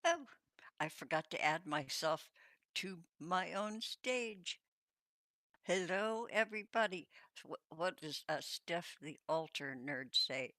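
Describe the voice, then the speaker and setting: Slow rambling Southern Californian woman. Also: lowish voice, expressive, sharp tone, dry recording, clean studio sound. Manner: rambling, chatty, many fillers. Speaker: live stream host. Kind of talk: casual livestream chat.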